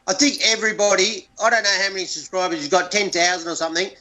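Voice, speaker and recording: High-voiced Australian man on a call. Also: steady tone, fast, pushed and bright, low-quality recording. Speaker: caller. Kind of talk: casual chat.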